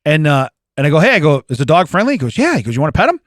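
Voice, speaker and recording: A man's voice: fairly high pitch, wildly swooping pitch, very fast, a bit bright, no echo, studio quality. A man in his forties, a podcast co-host, telling stories in casual chat, laughing often and acting out the quotes.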